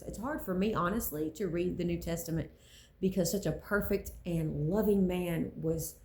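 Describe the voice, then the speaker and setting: Woman, faith talk, earnest, repeats lines for emphasis, dark gravelly voice, faint background hiss. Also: fairly low pitch, echoey room, rough recording.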